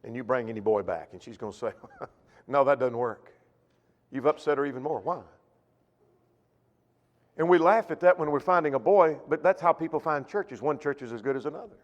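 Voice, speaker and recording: A man preaching a sermon, emphatic, slowing on key points and asking rhetorical questions. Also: on the high side, lively intonation, muffled recording. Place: church auditorium. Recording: long hall reverb.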